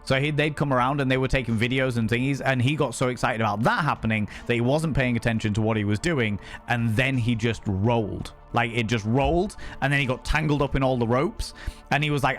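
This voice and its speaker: A man telling a story on a casual chat stream, animated and swearing freely, acting out what people said. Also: mid-range voice, a little fast. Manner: animated, swears freely, acts out quoted speech.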